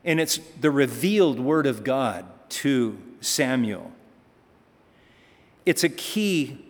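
A male pastor giving a conversational sermon, reading scripture and then explaining it, with emphatic passages. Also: mid-range voice. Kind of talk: sermon, Bible teaching. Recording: reverberant hall.

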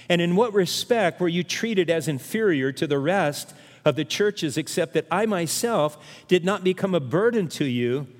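An older man delivers a sermon in an earnest, conversational way, his voice sitting a touch high for a man. He leans on key words with emphatic rises. The sound rings with the long reverb of a church sanctuary. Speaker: pastor.

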